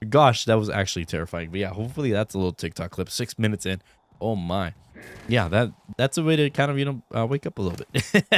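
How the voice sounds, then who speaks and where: A young man giving casual, rambling let's-play commentary with lots of fillers, still in his groggy morning voice. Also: fairly low pitch. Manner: rambling, many fillers, easygoing. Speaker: gaming YouTuber.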